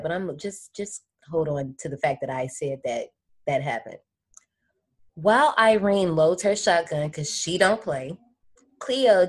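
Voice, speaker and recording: A woman hosting a podcast, recapping a horror movie in slangy, playful, teasing casual chat. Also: lowish voice. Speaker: podcast host.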